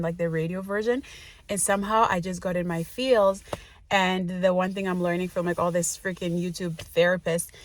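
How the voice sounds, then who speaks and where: A woman in her late twenties rambles casually through a vlog, munching as she talks and filling her speech with fillers and laughter. Her voice sits on the low side, and the recording is dry.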